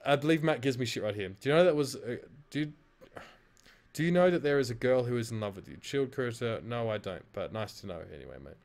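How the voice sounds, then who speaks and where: A man's voice: mid-range voice, lively intonation, quick pace, darkish tone. A man with an Australian accent, an esports caster casually reviewing his own casting, frank, swearing freely and mocking himself.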